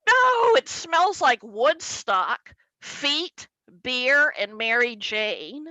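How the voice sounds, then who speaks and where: A woman comedian telling a stand-up story in an animated way, acting out the people in it. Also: high voice, takes it slowly, hardly any pauses, no echo, rough recording. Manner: animated, acts out characters.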